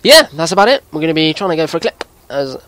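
Excitable young gamer, lively voice. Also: male voice, on the high side, very fast, no room sound. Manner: excitable, swears often, yells at opponents. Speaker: gaming video host. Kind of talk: live gameplay commentary.

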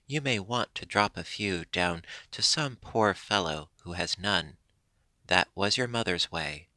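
Polite red squirrel gent, low and bright-edged; male narrator voicing him. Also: lively intonation, unhurried, dry recording, heavily acted. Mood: teasing. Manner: polite and earnest. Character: red squirrel husband, earnest, proper, good-humored.

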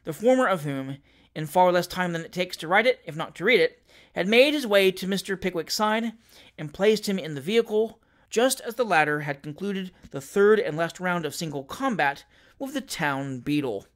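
Brief: male reader narrating a classic novel, higher voice, measured and expressive. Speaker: audiobook reader.

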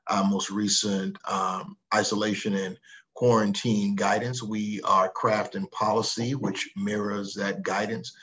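Halting health official, full of uhs. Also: male voice, on the low side, little pitch movement, fairly bright tone, highs cut off. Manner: halting, many uhs and ums. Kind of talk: official briefing update. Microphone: video call.

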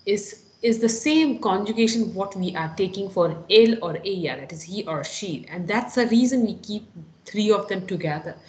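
A woman's voice: medium pitch, normal speed, darkish tone, roomy sound, rough recording. A woman teaches a Spanish lesson, explaining step by step and often checking in with "no?" and "okay?". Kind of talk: online lecture.

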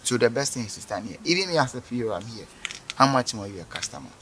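A man's voice: mid-range voice, animated, fast, a bit bright, a little hiss or hum, natural voice, rough recording. A man playing a rude, arrogant bank officer who talks down to a customer. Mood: firm. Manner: scornful, bossy, dismissive. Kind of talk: short film acting.

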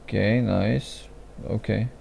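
A man's voice: fairly low pitch, fairly even intonation, slow pace, vocal fry, mellow, slight background noise. A young man giving casual gameplay commentary, mumbling, restarting his sentences and putting himself down. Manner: mumbly, self-deprecating, frequent restarts and asides. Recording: faint game music behind.

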